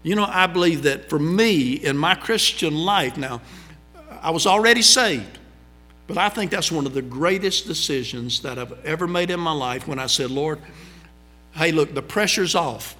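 A middle-aged man with a drawl preaches in a folksy, conversational way, spinning stories from the pulpit. His voice is bright and forceful, sitting a little high for a man. It rings out with a long hall reverb. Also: normal speed. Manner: folksy, conversational, animated storytelling. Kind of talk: storytelling sermon.

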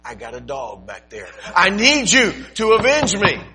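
A man voicing a persistent pleading widow woman in a high, strained falsetto. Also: wildly swooping pitch, normal speed. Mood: nagging insistent.

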